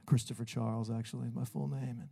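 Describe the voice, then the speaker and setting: A man's voice: little pitch movement, vocal fry, mellow, breathy edge. A man voicing a smug, self-righteous male pastor who boasts about his own goodness. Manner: pompous, self-congratulating, slow and low.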